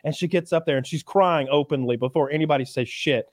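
A man telling a story in casual podcast chat, swearing a lot and acting out quotes with animated energy. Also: a little high, quick pace, no room sound, studio quality.

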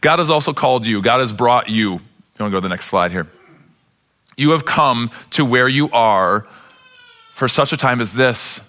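A man's voice: mid-range voice, expressive, normal speed, long pauses, bright, forceful tone. A man pastor preaching a sermon with impassioned delivery, sometimes acting out the characters in the story.

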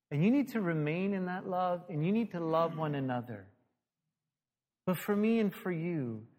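A man's voice: on the high side, a little mellow. A male pastor preaching a sermon, telling a story animatedly, acting out the dialogue and laughing at himself. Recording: long hall reverb.

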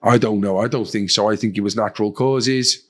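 A man's voice: lowish voice, steady tone, fairly quick, a bit bright, slightly rough. A man speaking as a podcast guest, telling his own story bluntly with heavy swearing and acting out other people's lines. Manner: blunt and heavily profane, acts out quoted voices. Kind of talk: candid personal storytelling.

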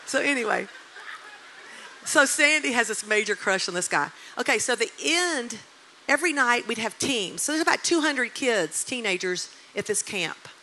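A woman in her sixties delivers a sermon as an animated storyteller. Her voice is bright and slightly high. A faint hum of noise sits behind her. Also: moderate pace, rough recording. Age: 60s. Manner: animated storyteller, emotional and emphatic. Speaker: preacher.

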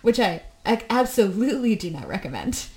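A woman's voice: mid-range voice, very animated, fairly quick, a little mellow. A woman co-hosting a podcast in casual chat, rambling along with plenty of fillers and restarts.

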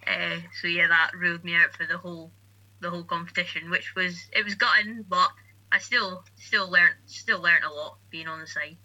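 A young Scottish woman, a guest cricketer, talking in a relaxed, matter-of-fact way with fillers. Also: on the low side, moderate pace. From Scotland. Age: young adult. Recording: dull lo-fi sound.

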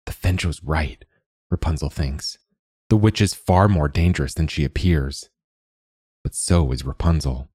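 A man reading a short story aloud in a measured, deliberate way as a podcast host and narrator. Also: a bass voice, darkish tone, slightly rough, dry recording, clean studio sound.

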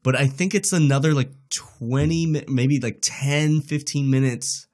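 A man co-hosting a podcast in relaxed, wry casual chat. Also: medium pitch, unhurried. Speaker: podcast co-host.

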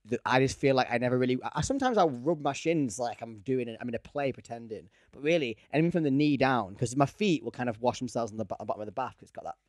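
Young guy rambling on a podcast, laughs a lot, mid pitch, dry close sound. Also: lively intonation, fast, hardly any pauses, no room sound. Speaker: podcast co-host. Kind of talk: casual chat.

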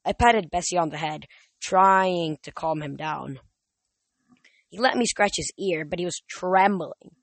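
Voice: mid-range voice, measured pace, no room sound. An audiobook reader narrating a first-person novel in a plain reading with small slips.

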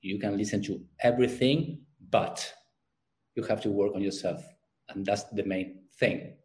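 Middle-aged guy w spanish accent, stumbles and repeats words, gets animated on stories. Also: on the low side, a little slow, poor audio. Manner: repeats words while searching for phrasing; animated when telling stories. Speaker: guest, youth sports parenting coach. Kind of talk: conversational interview.

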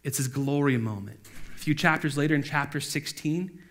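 At a normal speed and with a slightly high voice, a male pastor gives a casual sermon in an easygoing, aside-filled manner. Quoted lines come out as acted voices with abrupt loud outbursts.

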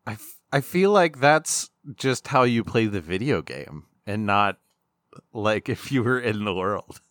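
A man's voice: lowish voice, expressive, measured pace, fairly bright tone, no echo, studio quality. A man co-hosting a casual podcast chat, teasing the others with blunt sarcasm. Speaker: podcast co-host.

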